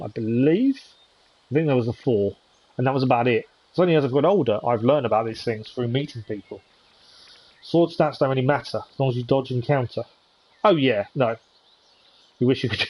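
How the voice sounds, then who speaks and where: A man chats casually through a live game stream. His voice sits at an ordinary middle pitch. He talks in a hesitant way, with lots of ums and restarts. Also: darkish tone. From United Kingdom. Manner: chatty, hesitant, many ums. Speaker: gaming streamer.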